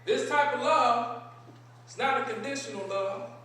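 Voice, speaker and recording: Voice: mid-range voice, unhurried, fairly bright tone, very echoey, a little hiss or hum. A preacher delivering a sermon in a large synagogue sanctuary, asking rhetorical questions and repeating key phrases, recorded from a distance.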